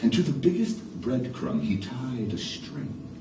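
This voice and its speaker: A middle-aged man from New York City telling a tale on stage, his voice rising and falling with lively drama and an unhurried pace. He is heard from a distance in an echoey theater with background noise. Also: medium pitch. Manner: dramatic, animated, shifts between hushed and loud. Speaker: storyteller. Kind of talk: theatrical one-man storytelling.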